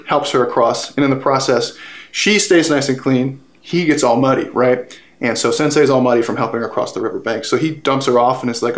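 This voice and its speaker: A man's voice: medium pitch, brisk. A man co-hosting a casual fitness talk, telling stories in a laid-back way full of "like" and "right?". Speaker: fitness coach and co-host. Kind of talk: casual conversation.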